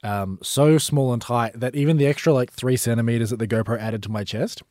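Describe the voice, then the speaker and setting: A man's voice: medium pitch, brisk, darkish tone, no echo, clean studio sound. A young Australian man co-hosting a breakfast radio show, telling stories in a rambling way with lots of fillers. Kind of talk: casual chat. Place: radio studio.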